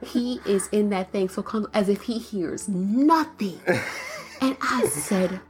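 A woman telling a family story in casual conversation, animated and laughing as she goes. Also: mid-range voice, a little slow, soft background music. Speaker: co-host, mother.

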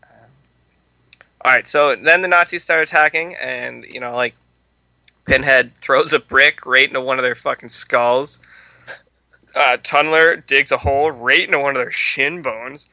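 Male podcast host, crude jokey movie chat, very bright voice, dry close sound. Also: mid-range voice, moderate pace, pauses often, no room sound, rough recording. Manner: joking, crude, laughs often. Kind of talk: casual movie review chat.

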